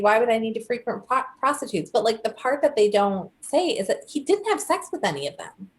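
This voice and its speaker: A young woman co-hosting a casual chat, telling a story with animated quoted voices. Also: medium pitch, normal speed. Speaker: podcast co-host.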